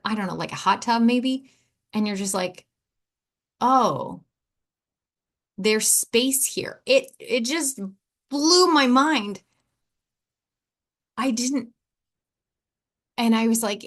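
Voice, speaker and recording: A woman's voice: a little high, fairly bright tone. A woman hosting a podcast, telling a personal story in a candid, rambling way, full of asides and acted-out quotes of herself and others. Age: adult, four and a half years sober. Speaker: podcast host.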